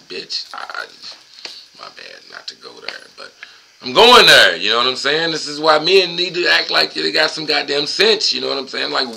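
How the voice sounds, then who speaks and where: Man, low voice, very sharp bright tone, profane, rambling rants, reading a book aloud, casual solo host. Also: a little hiss or hum, poor audio. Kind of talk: casual monologue mixing reading and ranting.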